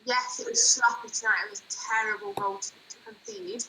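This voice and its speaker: A woman's voice: on the high side, lively intonation, fairly quick, vocal fry, sharp tone, slight background noise, low-quality recording. A woman from Ireland co-hosting a casual football chat stream, giggly and hesitant. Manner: giggly, hesitant, lots of fillers. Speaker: co-host of a football chat show.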